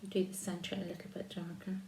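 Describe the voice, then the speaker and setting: A woman demonstrating a card-making craft, talking slowly while she paints and trailing off softly. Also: lowish voice, flat delivery, a little hiss or hum. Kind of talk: crafting tutorial. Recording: roomy echo.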